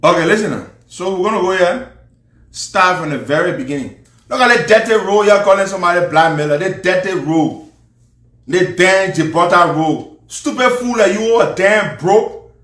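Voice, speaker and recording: Angry Liberian man, high bright voice. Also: animated, moderate pace, roomy sound. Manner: angry, insulting, mocking. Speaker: political commentator. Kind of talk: ranting live commentary.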